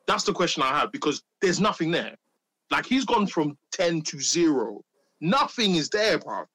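A man's voice: fairly high pitch, moderate pace, husky, dry recording. A man in casual, teasing football banter with friends. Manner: animated, teasing, slangy. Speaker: podcast co-host.

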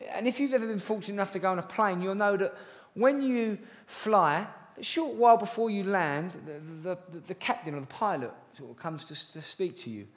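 A man's voice: high voice, animated, a little fast, few pauses. A young man preaching a sermon, earnest and chatty, with jokey asides to the congregation. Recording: long reverb of a large hall.

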